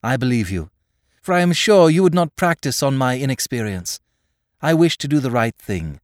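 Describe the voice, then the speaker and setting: A man voicing a naive young gentleman of twenty-one, formal, precise and stiffly polite. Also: medium pitch, very animated, moderate pace, dry recording, clean studio sound, close to an everyday voice. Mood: prim.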